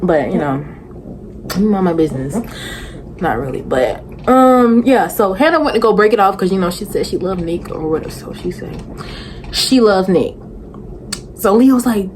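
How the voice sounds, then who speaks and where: A woman's voice: mid-range voice, very animated, normal speed, a little mellow, a little hiss or hum. A young woman, recapping a reality show in a sassy, rambling, exasperated vlog to camera. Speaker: vlogger reviewing a reality show. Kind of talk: casual chatty recap.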